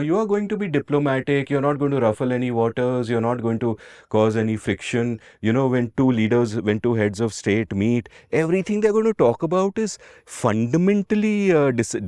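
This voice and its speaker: A man's voice: mid-range voice, darkish tone, dry recording, studio quality. A man with an Indian English accent co-hosting a podcast in a casual, digressive storytelling chat, swearing now and then and slipping into Hindi. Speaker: podcast co-host.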